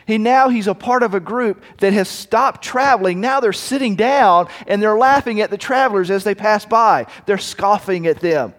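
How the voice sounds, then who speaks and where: An earnest male pastor delivers a storytelling sermon, often restarting his phrases. His voice sits a little high for a man. The recording carries the long reverb of a church hall. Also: normal speed, few pauses, a bit bright.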